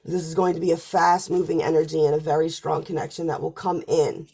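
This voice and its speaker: A woman's voice: low voice, little pitch movement, brisk, mellow, husky. A woman giving a casual spoken astrology and tarot forecast, chatty and talking straight to viewers, her voice wearing out as she goes. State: losing her voice.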